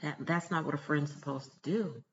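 An emphatic vlogger of middling pitch lectures viewers and hammers each point home with repetition. The audio sounds dull and lo-fi, with a faint hiss of background noise underneath. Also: fairly quick, fairly bright tone. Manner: emphatic, repeats points for stress, preachy. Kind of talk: emphatic motivational talk to camera.

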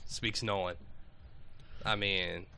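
A man's voice: deep voice, fairly even intonation, takes it slowly, vocal fry, pushed and bright, dry recording. A man hosting a casual group podcast, reading out listener questions and laughing often between remarks. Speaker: podcast host.

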